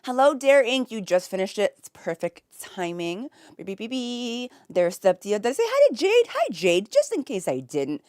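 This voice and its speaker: A woman's voice: medium pitch, huge pitch swings, moderate pace, hardly any pauses, a little mellow, dry recording, studio quality. A woman streamer chatting casually and greeting her chat from her home office, giggly and effusive. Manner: giggly and effusive, with frequent laughs.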